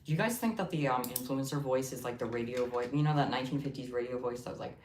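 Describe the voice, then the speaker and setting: A woman with a very low voice chats casually on a livestream, rambling from one thought to the next with jokey asides. Her voice sounds distant in an echoey room with a faint hiss behind it. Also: quick pace, few pauses, a little mellow. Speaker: livestream host.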